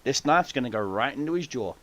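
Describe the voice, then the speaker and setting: A man's voice: mid-range voice, fast talker, a little hiss or hum. A man hosting a podcast, telling boastful stories in casual chat with lots of swearing. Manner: boastful storytelling, heavy swearing, lively. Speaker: podcast host.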